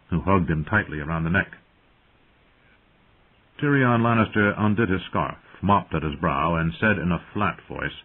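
Deep husky male audiobook narrator. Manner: measured storytelling, shifts into character voices. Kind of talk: scripted fantasy narration. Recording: tinny lo-fi phone-like sound.

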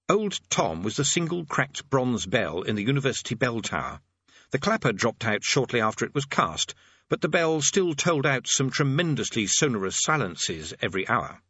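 A man's voice: medium pitch, sing-song, normal speed, bright, forceful tone, breathy edge, no room sound, highs cut off. A man narrating an audiobook with a dry, wry delivery.

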